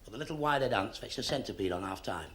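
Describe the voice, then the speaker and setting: A man telling stand-up jokes in quick succession, putting on voices for the characters. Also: fairly low pitch, animated, fairly bright tone. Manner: rapid-fire gags, puts on voices for the characters. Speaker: stand-up comedian. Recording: hissy old TV recording.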